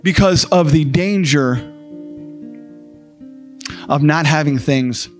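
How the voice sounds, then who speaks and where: A man with a high-pitched voice tells his story as a testimony, fervent and earnest, driving points home by repeating them. Soft guitar music plays faintly behind him. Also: takes it slowly. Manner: fervent, repeats phrases for emphasis. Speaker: speaker sharing a personal testimony. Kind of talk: emotional spoken testimony.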